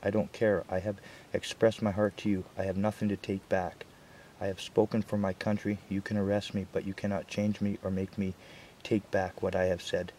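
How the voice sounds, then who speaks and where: A proud, defiant tribal chief answers back in a challenging, rhetorical tone, read by a man. The voice is deep and mellow with a fairly level pitch, over a faint hiss. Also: flat delivery, moderate pace, close to an everyday voice.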